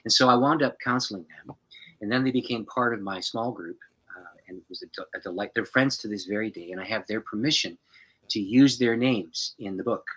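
A man who is a pastor, telling a personal story as a podcast guest in an animated way and chuckling often. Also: fairly low pitch, brisk, breathy edge, low-quality recording.

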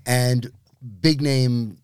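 A man's voice: mid-range voice, steady tone, extremely slow, a little mellow, clean tone, no echo, studio quality. A man, a voiceover actor hosting a casual chat, often agreeing and adding his own experience. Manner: agreeable, chiming in with short replies.

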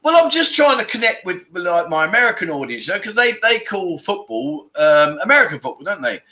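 A middle-aged man hosts a casual livestream, his high-pitched voice bright, forceful and very animated, moving a little fast. He rambles and chats, reads out viewer comments, and swears now and then.

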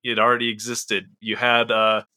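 A man's voice: on the low side, monotone, normal speed, sharp tone, no echo, clean studio sound. A man hosting a casual podcast chat, easygoing and laughing along.

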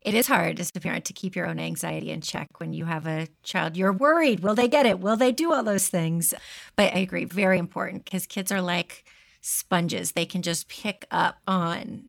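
Woman, interview host, low pitch, creaky, supportive. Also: moderate pace. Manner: supportive, short affirmations. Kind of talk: interview questions.

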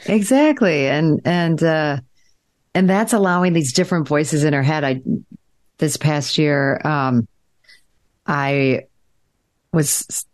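A woman with a low voice chats on a podcast. She tells a long, winding story, stopping and restarting often and filling gaps with small words. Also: slow pace, pauses often. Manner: rambling, animated storytelling with many fillers. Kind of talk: podcast conversation.

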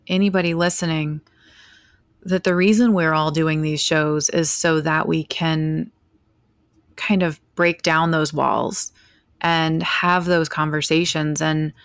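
Blunt mom guest on a podcast, says it like it is, kinda tired, lowish voice, dry sound. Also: female voice, slow pace, no room sound. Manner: blunt, candid, animated storyteller. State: sleep-deprived. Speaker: podcast guest, mother and caregiver. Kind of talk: casual podcast conversation.

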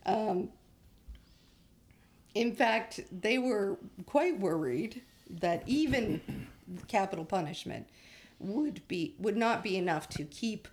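A woman's voice: medium pitch, expressive, slow pace, a little mellow. A woman hosting a casual true-crime podcast, telling the story to her co-hosts and laughing often. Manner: laughs often, puts on a lofty voice for quotes. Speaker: podcast host. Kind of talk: casual true-crime chat, reading quotes.

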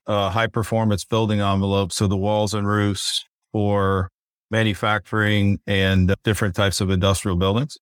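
A man talking as a podcast guest, telling his career story in a relaxed way with fillers and restarts. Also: lowish voice, dry recording, studio quality. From North Carolina. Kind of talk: casual interview.

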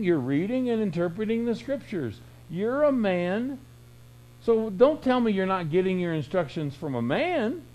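A man preaching a sermon, emphatic and full of rhetorical questions, swinging between loud bursts and hushed lines. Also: very high voice, rough recording. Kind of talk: radio sermon.

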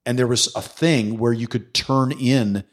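A man's voice: medium pitch, a little slow. A middle-aged man, a former police detective, telling a story in a casual interview, acting out what people said and swearing freely. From New York City. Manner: animated storyteller who acts out quotes, swears freely.

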